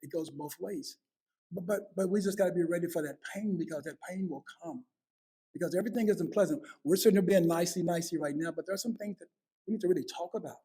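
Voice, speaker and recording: A man's voice: high-pitched, fast, warm tone, slightly rough. A man in his fifties hosting a heartfelt family conversation, earnest, often repeating words as he starts a thought. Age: 50s. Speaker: host.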